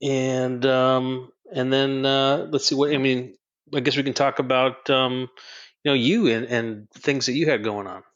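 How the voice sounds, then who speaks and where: A man's voice: mid-range voice, steady tone, unhurried, fairly bright tone, highs cut off. A man around fifty from North Dakota, co-hosting a podcast in casual chat, easygoing and chuckling along with short agreeing replies. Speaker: podcast co-host.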